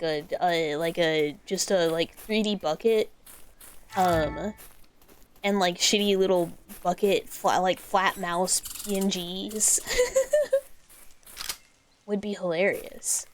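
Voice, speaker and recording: A woman's voice: on the low side, slow, long pauses, slight background noise. A woman streaming a horror game, talking in a casual, rambling way with lots of fillers and the odd swear. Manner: rambling and excitable, swears freely. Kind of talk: casual gameplay commentary.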